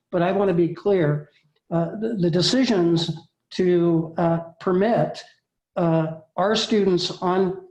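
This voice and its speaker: Halting man in an echoey room. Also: on the high side, darkish tone. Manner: measured, halting with many fillers. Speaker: school district administrator. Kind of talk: formal meeting remarks.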